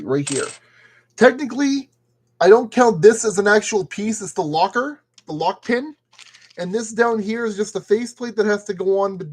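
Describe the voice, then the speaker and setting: A man's voice: high voice, husky. A man building a model kit and commenting casually as he works, playfully talking to the parts. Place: at a work table.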